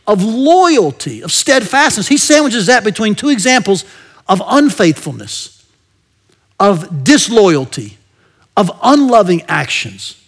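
High-voiced man preaching a conversational sermon. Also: breathy edge. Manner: engaging, asks the listeners rhetorical questions often; drops to a soft murmur at the end of many phrases.

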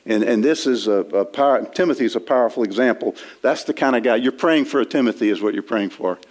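A man's voice: medium pitch, a little fast, darkish tone. A man preaching an expository sermon in a church, talking in a conversational way with frequent restarts while he quotes and explains scripture. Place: church sanctuary.

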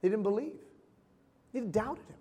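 A male pastor with a high voice preaches to his congregation in a casual, conversational way, voicing the people he quotes. His words ring out with a long reverb from the church hall. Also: lively intonation, dark tone, husky. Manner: conversational preaching, quick asides and acted-out quotes. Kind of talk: sermon. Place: church sanctuary.

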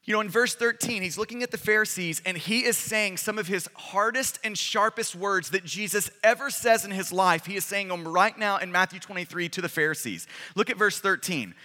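A man's voice: high-pitched, a little fast, few pauses, sharp tone. A male pastor preaching a sermon, reading scripture with emphatic, dramatic delivery. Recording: long hall reverb.

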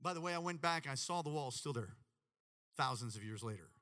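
A man preaching a sermon with animated, dramatic delivery and sudden shouts. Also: mid-range voice, fairly quick, in a large hall. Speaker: pastor.

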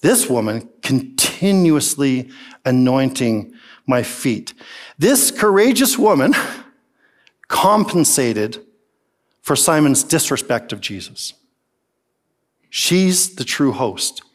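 A male pastor preaching a sermon, animated and emphatic, with many rhetorical questions to the congregation. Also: medium pitch, slow pace, long pauses.

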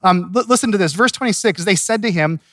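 A pastor preaching an expository sermon, telling the story in a lively way and chuckling at the text. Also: male voice, high-pitched, fast talker, dry recording, studio quality.

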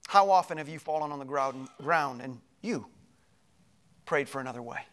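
A middle-aged male pastor telling a personal story in a sermon, animated and moving between loud passages and hushed ones. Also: mid-range voice, moderate pace.

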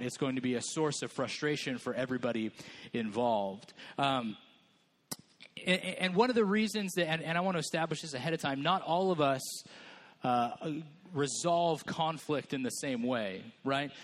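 A man's voice: mid-range voice, a bit bright. A man preaching a sermon in a church, conversational and joking, acting out people's voices. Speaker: pastor.

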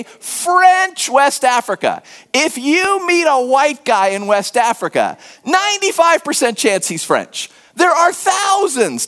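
Middle-aged american pastor, high lively voice, chatty joking sermon. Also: male voice. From United States. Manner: conversational, animated, self-deprecating humor.

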